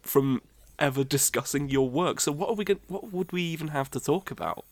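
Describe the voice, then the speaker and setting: A man's voice: fairly high pitch, a little fast, no echo. Sardonic man on a dry close mic. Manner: dry, sweary, sardonic banter. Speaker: podcast co-host. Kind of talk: casual podcast chat.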